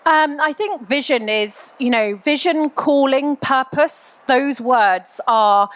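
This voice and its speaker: Middle-aged woman guest on stage, frank and chatty, bit high-pitched, lots of um. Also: takes it slowly. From England. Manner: chatty, frank, many ums and you-knows. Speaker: guest entrepreneur. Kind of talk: candid onstage Q&A storytelling.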